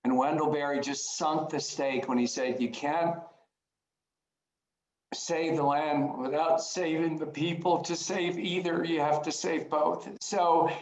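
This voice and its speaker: A man's voice: on the high side, fairly even intonation, a little slow, roomy sound, rough recording. A man giving a conference talk over a video call, earnest and at times emotional, often restarting phrases. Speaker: conference speaker.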